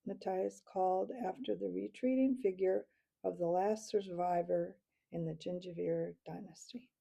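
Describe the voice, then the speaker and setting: A woman reads a storybook aloud at an unhurried, measured pace. Her voice is dark and mellow, with a husky, gravelly texture running beneath the narration. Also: mid-range voice. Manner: measured, steady reading. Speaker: audiobook reader.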